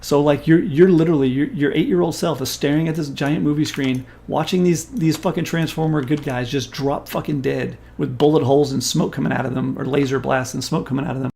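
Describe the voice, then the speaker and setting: A man in his forties, a stream host, telling a story in casual chat in an animated, profane and emphatic way. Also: fairly high pitch, fairly quick, vocal fry, hardly any pauses.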